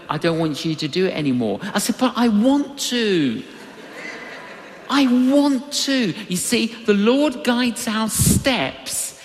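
Guy preaching slow, voice jumps all over, big echoey hall sound. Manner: animated storytelling with big pitch swings. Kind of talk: sermon.

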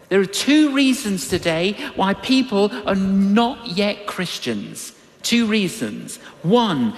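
An older man preaching a sermon, telling a story with emphatic, dramatic pauses. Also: sits high, big pitch swings, vocal fry. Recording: echoey hall.

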